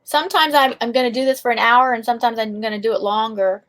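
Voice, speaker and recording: A woman with a high voice co-hosts a relaxed livestream. She chats, repeats her words and welcomes viewers onto the panel. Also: fast. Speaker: livestream co-host. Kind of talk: casual chat.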